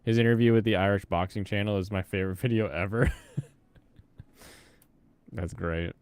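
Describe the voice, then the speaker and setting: A man's voice: lowish voice, normal speed, darkish tone, clear, resonant tone. A young man from the Pacific Northwest giving casual commentary while playing a game, thinking aloud and chatting with viewers. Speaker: streamer.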